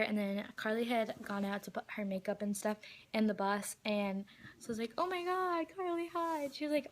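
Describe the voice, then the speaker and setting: A teenage girl excitedly telling a story about meeting someone, quoting lots of dialogue and laughing as she goes. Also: medium pitch. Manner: excited and giggly, heavy use of "like" and quoted dialogue. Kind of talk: casual storytelling vlog.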